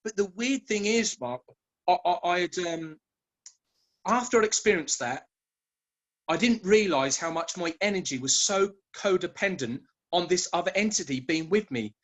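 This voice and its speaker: A man, a guest telling his story in a relaxed interview, often hesitating with fillers and restarts. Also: high voice, moderate pace. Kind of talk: conversational interview.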